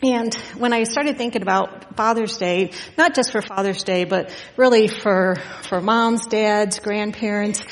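A woman's voice: medium pitch, measured pace, hardly any pauses. A middle-aged woman giving an informal Father's Day sermon as guest preacher, chatty and full of fillers as she tells family stories. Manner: chatty and storytelling, frequent fillers and laughs. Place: church sanctuary. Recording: long reverb of a church hall.

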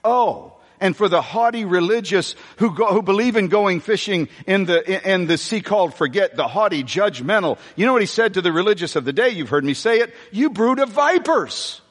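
Male pastor, middle-aged, joking sermon delivery; high pitch, long hall reverb. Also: brisk, hardly any pauses. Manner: animated, jokey preaching with laughs and sudden shouts. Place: church hall.

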